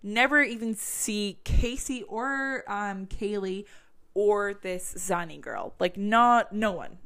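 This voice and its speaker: Gravelly-voiced woman retelling true crime. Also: medium pitch, slow pace, fairly bright tone. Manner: chatty, filler-heavy, swears when worked up.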